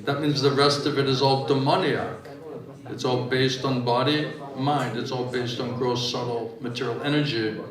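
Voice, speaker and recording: A man's voice: mid-range voice, steady tone, normal speed, reverberant, distant mic, crowd noise, low-quality recording. A man giving a spiritual discourse in a joking, conversational way, often asking his audience "right?". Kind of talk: sermon. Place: temple hall with audience.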